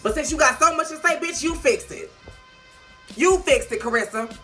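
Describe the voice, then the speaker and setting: A woman's voice: high voice, normal speed, a bit bright, faint music behind. Sassy, profane woman reviewing TV. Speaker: TV show reviewer. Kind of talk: casual video review.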